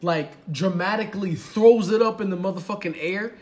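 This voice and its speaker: A man co-hosting a podcast, telling a story in an animated, profane way and acting out the people in it. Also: high-pitched, moderate pace. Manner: animated, profane, acts out the people in his stories. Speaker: podcast co-host. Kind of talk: casual storytelling chat.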